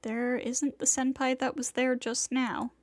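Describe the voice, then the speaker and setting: A woman streamer reading a visual novel aloud, narrating in a soft, slow, measured way. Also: high voice, flat delivery, no echo.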